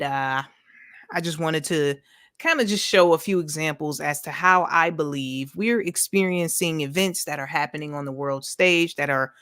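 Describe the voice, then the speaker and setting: A woman with a low voice hosts a relaxed livestream and talks loosely to her viewers, filling her speech with "you know". Her voice is recorded dry and close, with no room sound. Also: no room sound. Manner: chatty, loose, heavy on "you know", reads chat aloud. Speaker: livestream host. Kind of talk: casual livestream chat.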